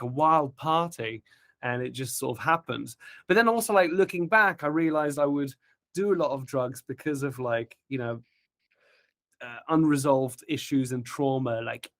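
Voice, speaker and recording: A man's voice: mid-range voice, fairly bright tone. A man with a British accent, chatting as a podcast guest comedian, self-mocking and laughing often. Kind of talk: casual podcast chat.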